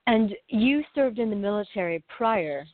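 A woman co-hosting a talk radio show, asking gentle, direct questions. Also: mid-range voice, expressive, a little slow, dry recording. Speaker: co-host. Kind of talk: interview questions. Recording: phone-like line.

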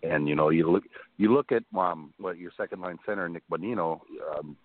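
A very deep-voiced man with a Northern US accent chats about sports in a rambling way, padding his talk with fillers and restarts. His voice comes over a tinny, phone-like line, and it sounds dry and close with no room around it. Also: a little fast, no echo. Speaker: co-host.

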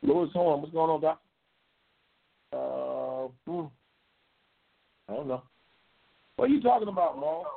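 Man, casual live-stream host, rambling and repetitive, thin phone-like sound, fairly high voice. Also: unhurried, creaky, long pauses. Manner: loose, excitable, repeats himself, bursts into high-pitched race calling. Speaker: talk show host reading viewer comments. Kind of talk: casual live-stream chat about drag racing. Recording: tinny phone-like lo-fi audio.

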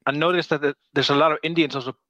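A man from Iceland co-hosts a podcast in casual chat, blunt and quick to react. His voice is a little high for a man. The sound comes over a slightly dull, dry remote line. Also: steady tone, bright, forceful tone, no room sound.

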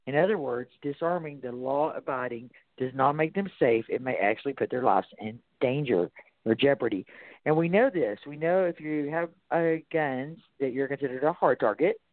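A man with a Texas accent, hosting a talk radio show in a loose, casual way, stopping to read out articles and then weigh in on them. His voice sits at an ordinary middle pitch. It comes through a narrow, phone-like line that sounds dry and close. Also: dry recording. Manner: reads articles aloud and comments. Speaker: radio host.

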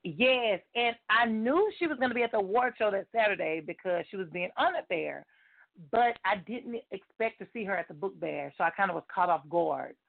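Gravelly woman guest gushing through a story, laughs a lot, tinny phone-like call sound. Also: mid-range voice, fairly quick. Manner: excitable storyteller, laughs often. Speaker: guest author. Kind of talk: casual chat.

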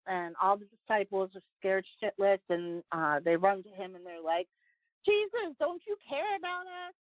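A woman's voice: mid-range voice, no echo. Woman guest, pastor, rambling earnest chat, phone-quality audio, dry sound. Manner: rambling, many fillers and restarts, earnest. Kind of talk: casual interview conversation.

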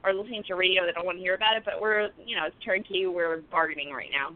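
A woman's voice: fairly low pitch, very fast. Lo-fi woman chef, casual chat. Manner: loose, profane, laughing storyteller. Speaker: guest chef. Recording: phone-like lo-fi audio.

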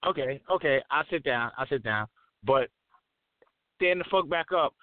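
A man's voice: medium pitch, expressive, moderate pace, dry recording. A man co-hosting a casual chat show, joking and swearing as he rambles. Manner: profane, joking, loose rambling. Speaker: co-host. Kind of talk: casual podcast banter. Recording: dry phone-like line.

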